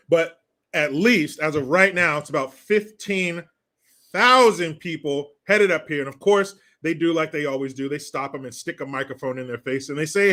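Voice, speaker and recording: A man's voice: fairly high pitch, normal speed, sharp tone. A man hosting a live stream, ranting through political commentary in a crude, sarcastic way and swearing freely. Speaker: livestream host.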